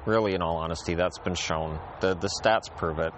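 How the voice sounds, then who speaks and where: Low-voiced rambling man outdoors. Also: brisk, background noise. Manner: rambling, repeats phrases, restarts sentences. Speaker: podcast host. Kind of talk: casual rambling monologue. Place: outdoors in a backyard.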